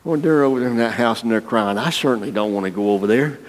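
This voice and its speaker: A man's voice: mid-range voice, fast, few pauses. Folksy man preaching in a hall. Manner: folksy, playful, talks to the congregation by name. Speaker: pastor. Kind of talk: sermon. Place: church. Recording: long reverb of a church hall.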